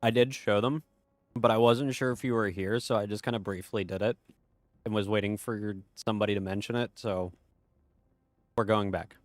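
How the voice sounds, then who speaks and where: A man's voice: lowish voice, fairly even intonation, moderate pace, dry recording. A man streaming a game, chatting casually and reading chat aloud in a laid-back, profane way.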